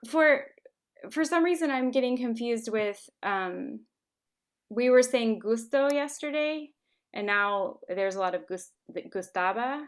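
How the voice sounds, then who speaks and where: A woman's voice: fairly high pitch, lively intonation, a little slow, smooth. Hesitant woman student full of ums. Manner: hesitant, many ums, stops to ask questions. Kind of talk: answering in a language class.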